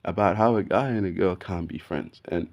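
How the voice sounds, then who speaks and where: A man's voice: low-pitched, moderate pace. Slangy man telling a story. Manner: slangy, animated, says "bro" constantly. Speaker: video podcast host. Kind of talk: casual storytelling rant.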